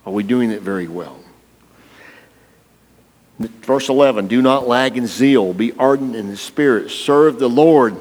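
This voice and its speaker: This pastor's voice is medium-pitched and a little mellow, moving at a measured pace with long pauses. He gives a playful, folksy sermon in church, addressing people in the congregation by name, heard through the hall's long reverb.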